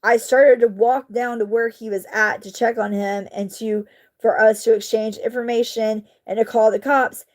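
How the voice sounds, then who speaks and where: A woman, casually telling a story to her viewers while crafting, animated and indignant, with mild swearing. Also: fairly high pitch, normal speed. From southeastern United States. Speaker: vlogger.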